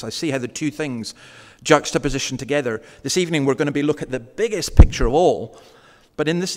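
A man delivers a sermon in a church at an ordinary middle pitch. He talks to his congregation conversationally and slows down deliberately to stress his points. A long reverb trails behind each phrase. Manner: conversational preaching, slows for emphasis. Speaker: preacher.

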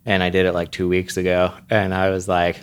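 A man's voice: low-pitched, monotone, fairly quick, clear, resonant tone. A man co-hosting a casual conversation, telling rambling, joking personal anecdotes. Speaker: podcast co-host.

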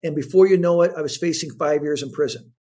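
A man's voice: fairly high pitch, fast. A man in his fifties, a guest telling his story in an interview, acting out the voices of the people in it. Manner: animated storyteller acting out quotes.

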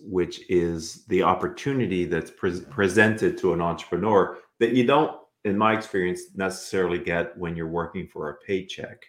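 A low-pitched male host speaking in a measured, thoughtful way. He asks follow-up questions with occasional restarts. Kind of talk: interview questions.

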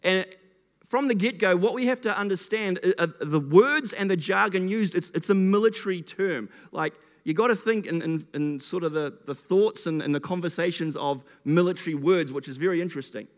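A man's voice: high voice, brisk. A man with a slightly raised voice gives a sermon in an easy, chatty manner. He keeps stopping short and restarting his sentences as he talks to the congregation. His voice carries a long reverb, as if he is speaking in a large hall. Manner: chatty, self-interrupting storyteller. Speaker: pastor.

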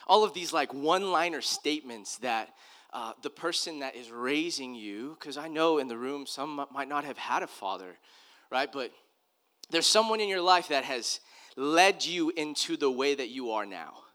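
A man's voice: medium pitch, animated, moderate pace, pushed and bright. A man, a pastor, giving a conversational sermon, telling personal stories in an earnest, loose way with restarts.

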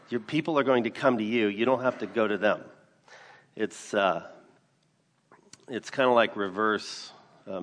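A man with a mid-range voice preaches a sermon that blends scripture with a personal story. He is earnest and grows emphatic, breaking into sudden loud bursts on key lines, while a large hall's long reverb trails his words.

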